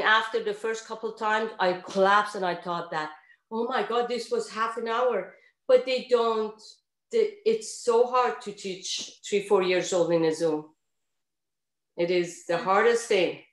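A woman's voice: mid-range voice, echoey room. A woman with a non-native English accent, a yoga teacher for young children, talking earnestly and expressively on a video call panel.

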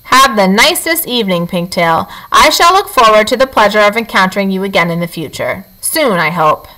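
A woman's voice: medium pitch, animated, brisk, sharp tone, poor audio. A woman reading aloud and voicing a polite female robot who speaks stiffly and formally.

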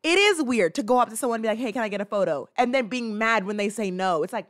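A woman's voice: on the high side, animated, fast, fairly bright tone. A woman hosting a casual reaction chat, rambling with plenty of fillers and restarts and acting out little scenes. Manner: playful, acts out little scenes. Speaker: host.

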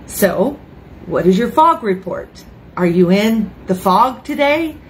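A woman in her fifties, a grandmother, preaching an informal online sermon in a chatty, emotional way with lively asides. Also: medium pitch, slow, slight background noise, low-quality recording. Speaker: ministry speaker. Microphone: phone or webcam, online broadcast.

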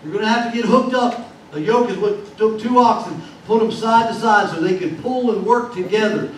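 A man's voice: sits high, normal speed. A man preaching a sermon as pastor, in a folksy, repetitive preaching cadence. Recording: very echoey hall, distant mic, faint noise.

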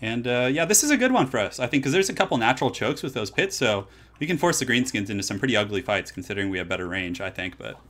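A man's voice: mid-range voice, sing-song, fast talker, fairly bright tone. A man casually chatting while streaming a strategy game, laid-back and laughing often, trailing off into fillers. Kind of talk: casual gaming stream chat. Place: home, California.

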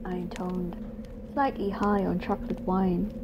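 A woman's voice: medium pitch, expressive, measured pace. Woman reading a wry first-person story. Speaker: audiobook narrator. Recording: dull lo-fi with loud noise.

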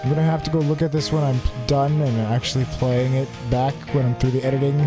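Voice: medium pitch, flat delivery, fast talker, over music. A tired young adult host doing let's play commentary, flustered and exclaiming often while reading game dialogue aloud and reacting to the game. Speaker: gaming channel host.

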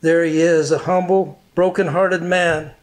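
A middle-aged male pastor preaching in an unhurried way. His voice sits a little high for a man, and he lets heartfelt lines hang in long pauses. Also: fairly even intonation. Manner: slow, earnest, emotional preaching with pauses. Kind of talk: sermon.

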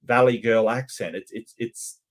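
A man talking through a cartoon with his viewers in a loose, conversational way. He repeats words as he gathers his thoughts, and his voice sits at an ordinary middle pitch. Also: fairly even intonation. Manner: halting, many repeated starts. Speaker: commentator reacting to a cartoon and to chat. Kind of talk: casual reaction commentary.

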